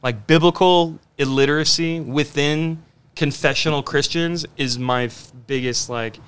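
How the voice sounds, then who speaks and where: A man co-hosting a podcast in casual chat, animated and profane, acting out quotes as he talks. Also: fairly high pitch, a little slow, clean tone. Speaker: podcast co-host.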